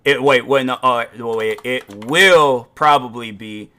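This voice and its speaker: A man hosting a casual relationship advice podcast, rambling and animated, often restarting and correcting himself as he spins a playful, petty story. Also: medium pitch, slow pace. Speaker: podcast host.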